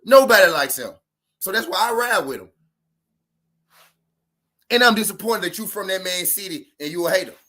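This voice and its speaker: Bright, high-voiced sports talker. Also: male voice, expressive, moderate pace, pauses often. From Memphis, Tennessee. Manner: profane, repetitive, argumentative. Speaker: sports talk host. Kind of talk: casual sports talk.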